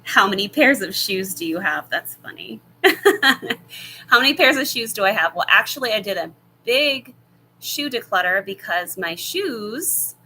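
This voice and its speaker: A chatty woman in her thirties answers viewer questions from home in a rambling, easygoing way. Her voice is bright and forward, picked up by a laptop, with a faint hum behind her. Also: medium pitch, lively intonation, unhurried, poor audio. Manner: chatty and rambling, many fillers and laughs. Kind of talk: casual live chat.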